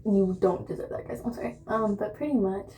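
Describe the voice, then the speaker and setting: A young woman gossips through a storytime as she does her makeup, rambling and dramatic with lots of asides. Her voice is mellow and warm. A faint hiss sits behind her. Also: medium pitch, brisk. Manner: chatty, dramatic retelling with many asides and fillers. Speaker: beauty vlogger. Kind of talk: storytime chat while doing makeup.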